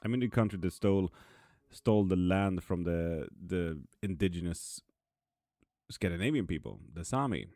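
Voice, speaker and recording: Blunt low-voiced man streaming live. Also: expressive, moderate pace, warm tone, no room sound, clean studio sound. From Sweden. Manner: chatty, blunt, swears casually, answers viewers by name. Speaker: tarot reader streaming live. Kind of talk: casual live-stream chat reading comments. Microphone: streaming mic.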